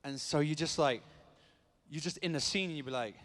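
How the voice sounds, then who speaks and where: A man's voice: a little high, fairly quick, a bit bright. A British man, an actor guest on a fan convention panel, talking to the crowd in a playful, rambling, cheeky way. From Britain. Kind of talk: joking panel talk to a crowd. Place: convention hall stage. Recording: echoey convention hall.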